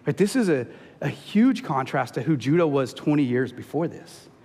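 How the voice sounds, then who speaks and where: A man's voice: animated, normal speed, a little mellow. A man preaching a sermon as pastor, talking in a conversational way and often checking in with his listeners. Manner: conversational preaching, often asks the crowd "right?"; rises to an emphatic, high-pitched peak when urging the men. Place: church sanctuary. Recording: long hall reverb in a church.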